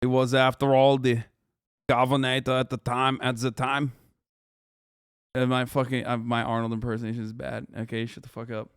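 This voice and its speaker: A man's voice: medium pitch, flat delivery, normal speed, clear, resonant tone, no echo, clean studio sound. A man hosting a live stream, reacting in casual, offhand commentary and swearing freely. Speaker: streamer host.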